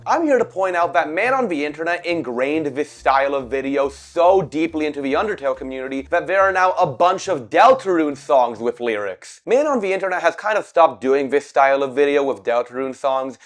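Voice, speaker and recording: A man in his twenties with a scratchy, cracking voice, giving profane, animated commentary on a video game. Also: fairly high pitch, no room sound. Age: 20s. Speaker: video essayist. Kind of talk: ranting commentary.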